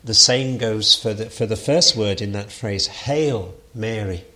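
A man's voice: fairly low pitch, fairly even intonation, moderate pace, bright, forceful tone. A man giving an unscripted lecture on Bible translation, thoughtful, with frequent fillers and restarts.

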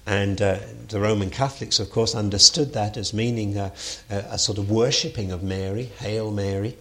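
A man's voice: fairly low pitch, steady tone, fairly quick. A man giving an unscripted lecture on Bible translation, thoughtful, with frequent fillers and restarts.

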